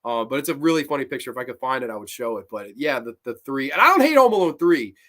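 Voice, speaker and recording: A man's voice: medium pitch, big pitch swings, fast talker, sharp tone. A man in his twenties who hosts a live stream, reading chat and ranting about movies in a blunt, profane, casual way. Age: 20s. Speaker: host.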